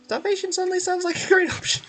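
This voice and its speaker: A man voicing a tiny, excitable and always-hungry floating female companion in a fan voice-over of a game, with squealing, dramatic complaints. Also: very high-pitched, quick pace. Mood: dismayed.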